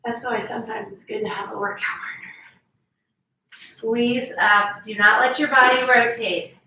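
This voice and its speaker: Woman fitness instructor, slightly high voice, coaching reps, recorded from a distance in an echoey room. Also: steady tone, a little slow, pushed and bright, a little hiss or hum. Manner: coaching, counts reps, urges squeezing. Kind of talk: workout instruction.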